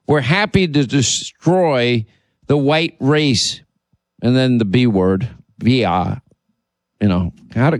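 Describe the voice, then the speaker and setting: A man's voice: medium pitch, a little slow, a little mellow, dry recording. A man hosting a political radio talk show, speaking emphatically and indignantly, often repeating himself. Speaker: radio and podcast host.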